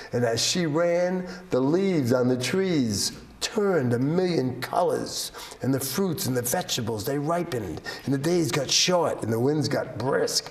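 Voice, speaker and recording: Slow, gravelly male storyteller. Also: medium pitch, far from the mic. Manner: rhythmic and repetitive, building excitement. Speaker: storyteller guest. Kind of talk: folktale storytelling.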